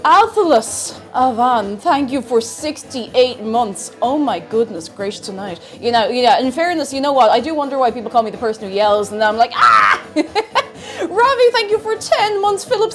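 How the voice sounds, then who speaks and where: High-voiced bubbly woman streamer. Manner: bubbly, chants and greets chat loudly. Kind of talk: casual live-stream chat.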